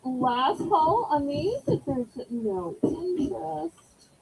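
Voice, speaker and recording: A woman's voice: high-pitched, very animated, takes it slowly, vocal fry, darkish tone, slight background noise, rough recording. A woman with a Southern accent hosting a live-stream auction, chatting in a folksy way and greeting viewers by name.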